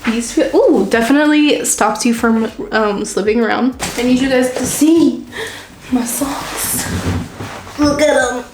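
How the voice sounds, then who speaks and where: A young woman gushes excitedly as she unboxes at home, her slightly high voice bouncing around an echoey room. She chats casually and laughs often. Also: a little slow, noisy background. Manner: gushing, excitable, laughs often, says "oh my God" a lot. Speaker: vlogger unboxing a subscription box. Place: home room, seated on a chair.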